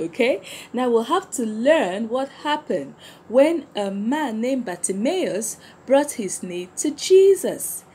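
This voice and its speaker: A woman's voice: mid-range voice, darkish tone, a little hiss or hum. A woman teaching a Sunday school lesson to kids, asking questions and answering them herself. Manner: slow, coaxing tag questions. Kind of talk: children's lesson.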